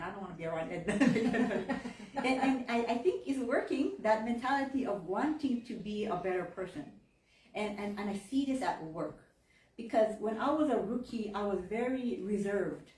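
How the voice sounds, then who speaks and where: A church member in her thirties shares her faith openly, voicing the people she quotes and laughing frequently. Her medium-pitched voice has a darkish tone, and the church hall recording sounds roomy and distant from the mic.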